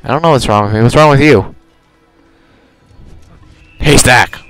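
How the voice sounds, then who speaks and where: A young gamer chats casually through a let's play, rambling and correcting himself as he goes. His mid-range voice is unhurried and fairly bright, with faint music behind it in a rough recording.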